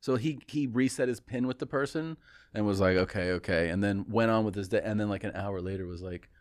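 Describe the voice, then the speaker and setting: A man's voice: fairly low pitch, fairly quick, no echo. A man in casual podcast chat, telling stories and acting out the people he quotes. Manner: animated storyteller, acts out quoted texts.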